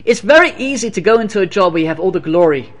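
A man teaching a religious lesson as a story, animated and emphatic, often repeating his phrases. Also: sits high, quick pace. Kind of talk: storytelling sermon.

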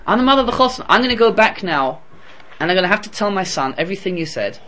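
A woman's voice: mid-range voice, sing-song, quick pace, fairly bright tone, a little hiss or hum. A man voicing the stern, reproachful mother of a groom in a told story. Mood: indignant. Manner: firm, reproachful.

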